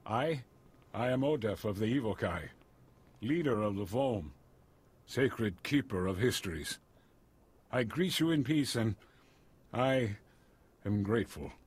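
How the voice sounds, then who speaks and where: An actor voicing a solemn alien tribal chief in a video game, speaking in a halting, formal way with a husky voice. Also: male voice, fairly low pitch, animated.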